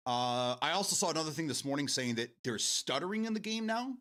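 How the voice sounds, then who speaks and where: A man hosting a casual gaming chat show from home. His voice is bright and forward, and his pitch swings widely as he rambles. He restarts his sentences constantly, swears freely and breaks into laughter. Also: lively intonation, fast talker. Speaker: show host.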